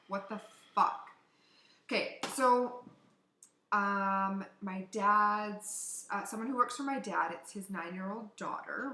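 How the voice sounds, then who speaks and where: A woman co-hosting a casual podcast from Canada, telling a story in an animated way, swearing and acting out what people said. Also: medium pitch. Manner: animated, swearing, acts out quotes. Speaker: podcast co-host. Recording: echoey room.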